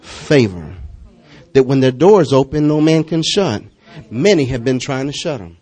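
A man preaching a sermon as a pastor, animated and often laughing, swinging from loud calls to quiet, hushed passages. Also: medium pitch, normal speed, breathy edge. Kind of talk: lively sermon.

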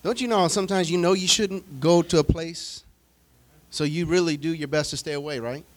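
A man preaching a sermon in a fairly high voice, with dramatic storytelling that swings between loud declarations and quiet asides. He jokes with his congregation and talks to them directly as their pastor. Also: fairly even intonation, moderate pace. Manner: humorous, addresses the congregation directly.

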